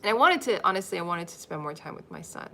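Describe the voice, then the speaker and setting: Bright-voiced woman chatting on a live stream. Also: lowish voice, very animated, fast, slight background noise. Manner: chatty, laughs often, repeats phrases over and over. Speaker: livestream host teaching money affirmations. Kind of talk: casual live-stream teaching.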